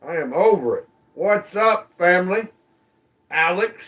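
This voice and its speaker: Slow, easygoing man hosting a livestream. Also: sits high, expressive, a bit bright, distant mic. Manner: slow, easygoing, greets viewers by name. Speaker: livestream host. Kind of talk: casual livestream chat reading comments.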